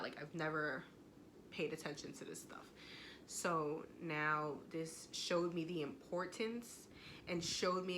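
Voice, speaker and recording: A woman's voice: deep voice, a bit bright, slight background noise. A young woman telling viewers a personal faith story at home, emotional and conversational, speaking to them directly. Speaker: vlogger.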